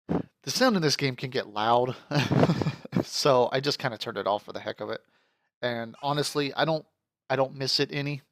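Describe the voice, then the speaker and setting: Laid-back gravelly-voiced gamer guy. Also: medium pitch, a bit bright, no echo, clean studio sound. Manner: casual, joking, swears freely, laughs often. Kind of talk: let's play commentary.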